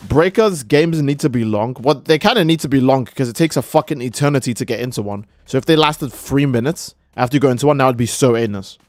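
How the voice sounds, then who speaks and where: A man's voice: mid-range voice, fast talker, hardly any pauses, no echo. A young man streaming a game, rambling and joking with profanity in casual commentary. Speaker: gaming streamer.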